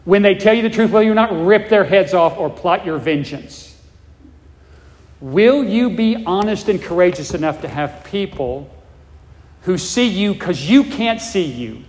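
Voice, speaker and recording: A man's voice: sits high, expressive, unhurried, a little mellow, big-room sound. A man preaching a sermon, emphatic, with lots of repeated words and rhetorical questions. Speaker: pastor.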